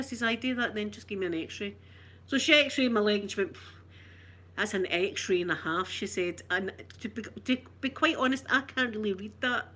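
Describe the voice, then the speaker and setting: Animated Scottish woman telling a story. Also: medium pitch. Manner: animated, acts out the people she quotes. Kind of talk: casual storytelling.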